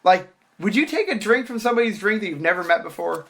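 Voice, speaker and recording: A man's voice: high voice, fast talker. A young man casually telling a story, acting out the people in it and swearing freely. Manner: animated, acts out quoted voices, swears casually.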